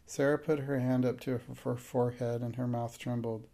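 A man reads a storybook aloud in a steady, measured way. His voice is mellow and somewhat gravelly. It keeps a narrow, even pitch. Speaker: audiobook narrator. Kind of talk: scripted narration.

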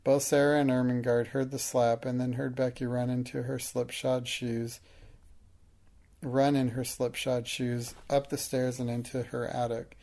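Gravelly man reading a storybook, flat even delivery. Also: mid-range voice, measured pace. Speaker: narrator. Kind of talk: audiobook narration.

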